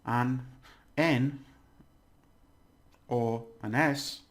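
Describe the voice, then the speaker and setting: A man gives a casual, chatty video language lesson, exaggerating words to demonstrate them and laughing at his own slips. His mid-range voice has a steady tone and drawn-out words.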